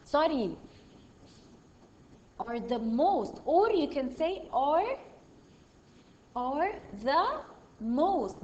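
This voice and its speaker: A woman's voice: sits high, a little mellow, muffled recording, slight background noise. A woman teaching a primary school English lesson, patiently reading out exercises and praising each answer. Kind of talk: online grammar lesson.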